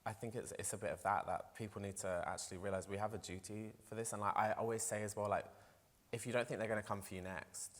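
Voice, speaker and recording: A trans presenter speaks on a festival panel, on a stage in a large hall, with long hall reverb. Their voice is low-pitched, steady in tone and fast. The talk is casual, run-on and passionate, emotional and packed with "like"s and restarts.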